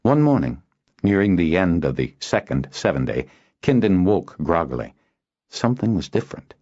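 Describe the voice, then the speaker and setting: A man reading an audiobook aloud as narrator, in a steady storytelling delivery. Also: low voice, moderate pace, lo-fi sound. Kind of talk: scripted narration.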